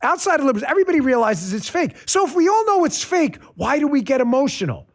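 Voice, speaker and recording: Animated, high-pitched male host. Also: fast. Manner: animated, sarcastic, mocking impressions. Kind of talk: political commentary monologue.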